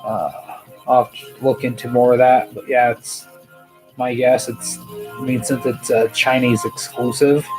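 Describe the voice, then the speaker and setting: A man's voice: medium pitch, little pitch movement, a little slow, faint music behind, poor audio. A man hosting a casual toy news show, rambling and hesitant, with many fillers, tired and yawning. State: sleepy, yawning.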